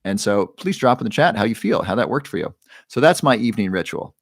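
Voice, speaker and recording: A man with a fairly low voice, hosting a live stream in a relaxed, chatty way. He reads viewers' names and answers them one by one. The sound is dry and close, with no room echo. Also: fast. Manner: relaxed, guides breathing, reads chat names aloud. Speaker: livestream host. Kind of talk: casual livestream talk, answering chat.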